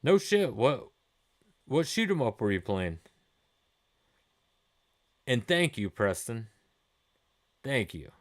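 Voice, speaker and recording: A man's voice: medium pitch, sing-song, slow, long pauses. A man in his forties hosting a gaming live stream, chatting with viewers in a rambling, laid-back way and swearing freely.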